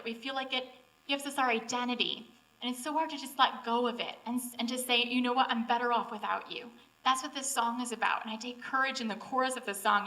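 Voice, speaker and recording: Young female seminar speaker, earnest and heartfelt, bright tone; recorded from a distance with mains hum. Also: fairly high pitch. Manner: earnest, emotional, tearful at times. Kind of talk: inspirational talk to students. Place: auditorium or classroom.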